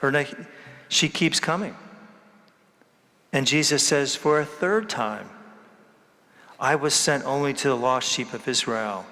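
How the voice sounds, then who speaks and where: A man's voice: medium pitch, steady tone, measured pace, pauses often, pushed and bright, big-room sound. A man giving a sermon as a priest, emphatic, repeating key words and asking the congregation rhetorical questions.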